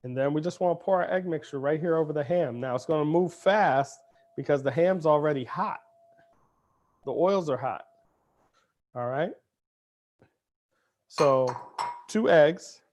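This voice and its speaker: A man's voice: fairly high pitch, a little slow, pauses often, a little mellow. Playful chatty chef, a man. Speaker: cooking show chef. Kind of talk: cooking demonstration. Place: kitchen.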